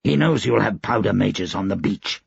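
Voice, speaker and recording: A man's voice: fairly low pitch, animated, moderate pace, vocal fry, slightly rough, no echo, exaggerated voice. A man voicing a wry, philosophical male officer with a dry amused manner, in an audiobook. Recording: dry, slightly dull recording.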